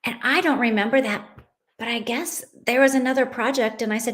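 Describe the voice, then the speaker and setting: A woman's voice: sits high, a little fast, a bit bright. A woman in her late thirties, a podcast host and mother, telling a personal story in a heartfelt, conversational way. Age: late 30s. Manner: heartfelt, conversational, many "you know"s.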